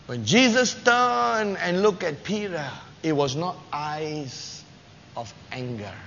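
Man preaching slow and high, acts out the quotes, dull lo-fi sound with long hall echo. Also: vocal fry. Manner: animated storytelling, acting out quotes with rising pitch and loudness. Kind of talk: sermon. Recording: dull lo-fi recording with long hall reverb and faint noise.

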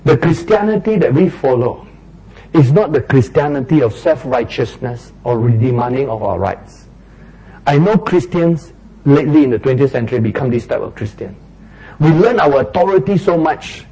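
Male preacher, husky voice, mellow tone, animated sermon with acted-out quarrels. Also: mid-range voice, normal speed, poor audio.

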